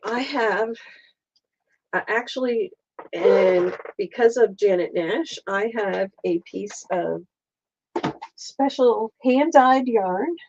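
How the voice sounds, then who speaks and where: Woman host thinking aloud through a stitching demo on a stream, slow and easygoing, close dry lo-fi mic. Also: mid-range voice, a little mellow, slight background noise. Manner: chatty, thinks aloud, greets viewers by name. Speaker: craft show host. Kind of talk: casual livestream stitching demo. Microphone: streaming setup mic.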